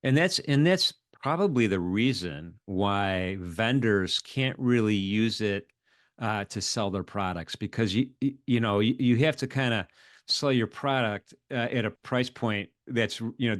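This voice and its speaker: A man's voice: lowish voice, unhurried, dry recording, studio quality. A man hosting a casual trading chat, talking hesitantly with many restarts. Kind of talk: casual market discussion.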